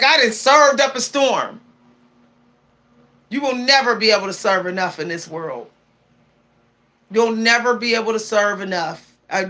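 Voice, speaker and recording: A woman's voice: on the high side, pushed and bright. A woman giving spiritual advice on her livestream, preachy and emphatic, often repeating key phrases. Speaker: spiritual streamer.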